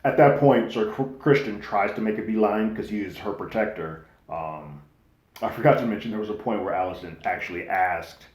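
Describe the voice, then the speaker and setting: Brief: low-voiced male host, casual slangy show recap, echoey room. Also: normal speed. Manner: slangy and animated, acting out quotes loosely. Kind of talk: casual episode recap and review.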